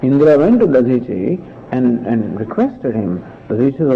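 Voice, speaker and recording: A man teaching scripture in a patient, explanatory lecture, often pausing and restarting his sentences. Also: mid-range voice, very animated. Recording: dull lo-fi recording.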